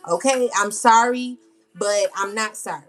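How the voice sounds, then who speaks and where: A woman's voice: medium pitch, measured pace, fairly bright tone, soft background music. A woman tarot reader ranting to camera in unscripted, slangy speech, scolding bluntly and repeating herself for emphasis. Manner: casual slangy speech with many fillers. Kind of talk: unscripted spiritual rant to camera.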